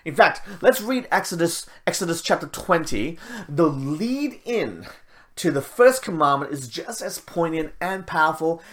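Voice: mid-range voice, animated, unhurried, a bit bright. A preacher teaching a sermon, reading scripture aloud and explaining it in a conversational way.

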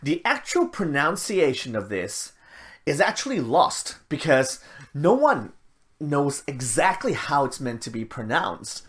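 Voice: medium pitch, big pitch swings, measured pace. A preacher teaching a sermon, reading scripture aloud and explaining it in a conversational way.

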